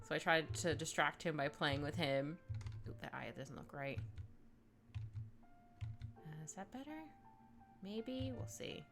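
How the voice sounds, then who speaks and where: A woman's voice: low-pitched, expressive, measured pace, pauses often, over music. A woman chatting casually on a live stream while she draws, reading chat aloud, laughing often and trailing off mid-thought.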